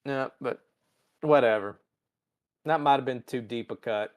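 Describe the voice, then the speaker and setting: A man hosting a podcast, casually recapping a TV episode in a profane, storytelling way. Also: mid-range voice. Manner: profane, storytelling with quick character voices. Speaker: podcast host.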